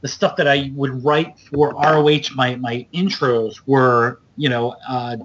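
A man hosting a podcast, telling wrestling road stories in a loose, animated way and acting out other people's lines. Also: a little slow. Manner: animated, loose storyteller, acts out quotes with big jumps up in pitch. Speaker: podcast host. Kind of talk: casual storytelling chat. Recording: dull lo-fi podcast audio.

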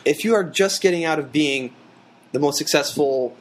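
A man chatting casually about a TV episode, quick and enthusiastic with lots of filler words. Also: a little high, a little hiss or hum.

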